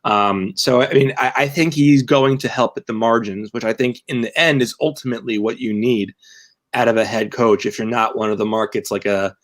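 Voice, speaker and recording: A young man chatting on a sports podcast with a middle-pitched voice. He rambles, restarting his sentences and filling gaps with "um" and "like" as he works toward his point. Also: fairly even intonation, moderate pace. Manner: rambling, many restarts and fillers. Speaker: podcast co-host and team writer. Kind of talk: casual podcast chat.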